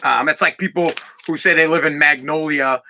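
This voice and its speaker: A man from Massachusetts, hosting a solo podcast and ranting loudly with lots of swearing and restarts. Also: a little high, steady tone, normal speed, slight background noise. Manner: loud, swearing, repetitive restarts. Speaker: podcast host. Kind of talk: profane solo podcast rant.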